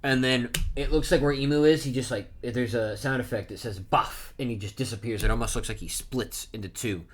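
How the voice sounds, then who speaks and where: A man casually recapping a manga chapter, reading panel lines aloud with loud bursts of emphasis and frequent self-corrections. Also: mid-range voice, fairly quick, few pauses. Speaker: manga reaction streamer.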